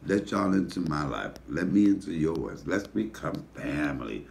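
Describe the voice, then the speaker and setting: A man with a deep voice, hosting a casual mukbang and telling animated, profane stories while he eats. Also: moderate pace, vocal fry, a little hiss or hum. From Detroit, USA. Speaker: comedian and mukbang host. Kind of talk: casual storytelling while eating.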